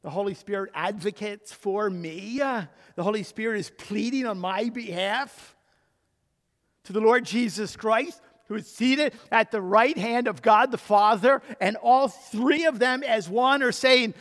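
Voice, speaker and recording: A male pastor with a notably high voice preaches unhurriedly, his words ringing out with a long reverb in a church sanctuary. He is an emphatic preacher, swinging between quiet, intimate passages and loud, driving exhortation.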